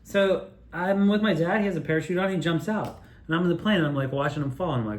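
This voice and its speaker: A man telling rambling childhood stories in a profane, digressive, animated way while sipping beer. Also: fairly high pitch, fast talker, hardly any pauses, echoey room. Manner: drinking beer while talking. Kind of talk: rambling personal storytelling monologue.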